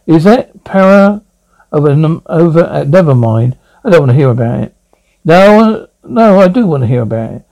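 A man's voice: fairly high pitch, expressive, normal speed, vocal fry, a little mellow, poor audio. A man voicing a chatty young lawyer friend who teases and cracks jokes. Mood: teasing. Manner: teasing, wisecracking.

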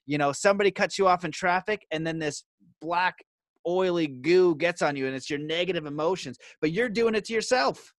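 A man's voice: on the high side, brisk, no room sound. A man hosting a podcast, talking in an earnest, explanatory way with hesitant restarts. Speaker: podcast host. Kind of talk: casual interview conversation.

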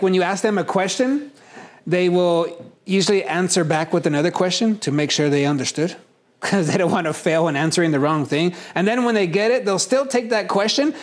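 A man teaching a casual workshop on personality types, talking in a conversational, animated way and acting out examples. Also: on the high side.

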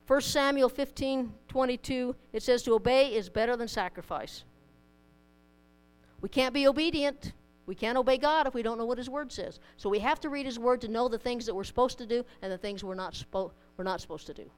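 Before a church congregation, a woman preaches a plainspoken, conversational sermon that blends scripture, homely stories and a little humor. Her voice runs on the high side with a clean tone, and she speaks a bit fast. The recording is rough.

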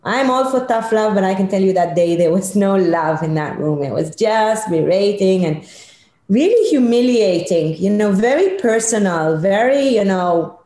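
A middle-aged woman, a leadership consultant, telling a personal story in an interview, animated and emphatic. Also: mid-range voice, normal speed. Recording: echoey room.

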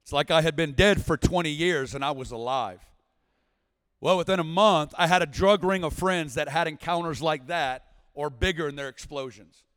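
Speaking at a normal speed with a fairly high pitch and clean tone, a guest preacher from Arkansas in his forties recounts his testimony in a spirited, narrative way. Occasional shouts ring out, carried by the long reverb of a large church sanctuary.

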